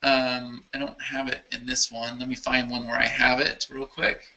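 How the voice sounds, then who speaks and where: A man hosting a casual live Q&A for his software users, answering questions enthusiastically and thinking aloud as he clicks through a screen demo. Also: medium pitch, little pitch movement, moderate pace, poor audio. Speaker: software company founder answering user questions.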